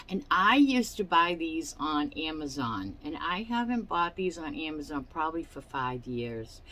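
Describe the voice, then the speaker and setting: A woman hosts a casual show-and-tell crafting vlog from her home. She talks at an unhurried, slow pace in a slightly low voice, rambling through asides and fillers. She has the hiccups. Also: bright, forceful tone, rough recording. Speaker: crafting channel host.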